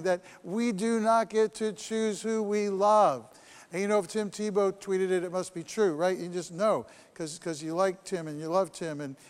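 A man's voice: sits high, long reverb tail. A man preaching a sermon, earnest and repetitive, acting out prayers in the first person. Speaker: pastor.

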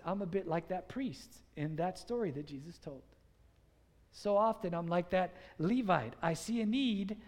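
A pastor preaching a conversational sermon with lots of filler "like", urging the congregation to repeat phrases back. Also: medium pitch. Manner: casual filler "like" throughout. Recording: long hall reverb.

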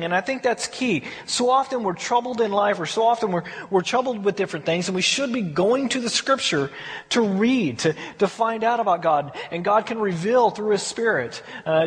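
A man's voice: high voice, big-room sound. A man giving a conversational verse-by-verse Bible study, often repeating words as he thinks. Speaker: Bible teacher.

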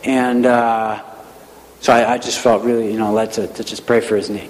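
A man's voice: medium pitch, little pitch movement, moderate pace, a little hiss or hum. A man who works as a schoolteacher, telling a personal testimony in an earnest, self-deprecating, conversational way. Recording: long reverb of a large hall.

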